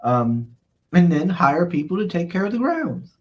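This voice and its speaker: His voice is high and husky, with big pitch swings and an unhurried delivery. Hosting a casual live stream, he reads chat out loud and rambles back, chuckling often and filling gaps with "uh, let's see."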